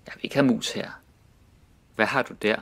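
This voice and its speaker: A man reading example sentences slowly and deliberately, saying each one twice. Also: lowish voice, fairly even intonation, creaky, a bit bright.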